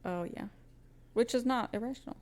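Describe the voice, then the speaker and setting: A woman co-hosting a podcast, chatting casually in a quick, breezy, emphatic way. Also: on the high side, darkish tone. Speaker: podcast co-host. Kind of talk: casual chat.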